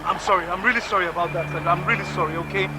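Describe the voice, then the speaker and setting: A man's voice: high voice, fairly quick, loud music behind the voice, lightly acted. An actor with a Nigerian accent playing a desperate young man who pleads and repeats himself, in a film drama. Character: desperate young man begging for visa money. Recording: film audio with score and street traffic.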